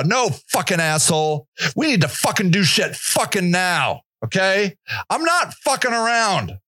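A man hosting a podcast, delivering an angry, profane monologue rant, often shouting. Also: high voice, big pitch swings, a little slow, no echo, clean studio sound. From Northeast Ohio. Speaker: podcast host.

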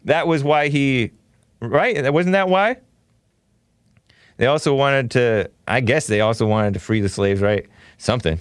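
A man's voice: mid-range voice, no echo. Guy ranting on his talk show, mocking and rambling, dry close mic. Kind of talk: casual talk show rant.

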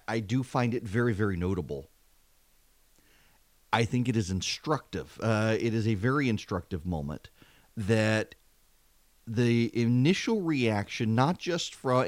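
A man's voice: lowish voice, darkish tone, dry recording. A man from the American South hosting a political commentary podcast, talking conversationally with wry asides and repeating words when he gets emphatic. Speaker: podcast host.

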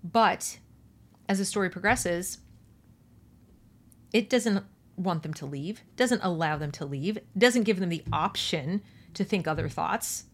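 A woman's voice: fairly low pitch, a little slow, long pauses. Woman reading and commenting, pointed and emphatic. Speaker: podcast host.

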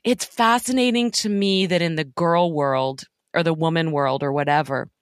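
A woman's voice: low-pitched, moderate pace, dry recording, clean studio sound. A woman co-hosting a podcast in casual chat, blunt and sardonic, swearing freely. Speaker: podcast co-host.

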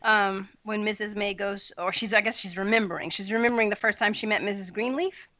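A woman's voice: mid-range voice, fairly even intonation, sharp tone, highs cut off. A woman co-hosting a podcast, talking about a story with enthusiasm, analysing it in detail and joking now and then. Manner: enthusiastic, analytical, quick to joke. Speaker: podcast co-host. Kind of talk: casual podcast chat and reading aloud.

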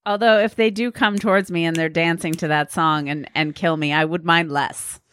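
A woman's voice: low voice, steady tone, moderate pace, a bit bright, clear, resonant tone. Wry, laughing woman podcast co-host. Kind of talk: casual comedic chat.

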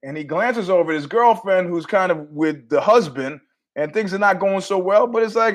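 A man's voice: sits high, normal speed. A man hosting his own podcast, telling a story casually and animatedly, acting out the people in it. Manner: animated, acts out quoted voices, laughs at his own story. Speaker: podcast host.

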